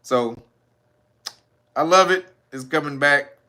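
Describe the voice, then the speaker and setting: A man hosts a casual news commentary podcast, speaking slowly in a profane, slangy way. Between laughs he acts out quotes in loud, high voices.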